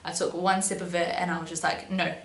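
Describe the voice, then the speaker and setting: A young female vlogger rattles off a personal story at a quick pace, her fairly low voice flat in delivery yet fairly bright in tone. She's casual and chatty, peppering in "um"s and "but yeah"s; the recording has echo and a light hum.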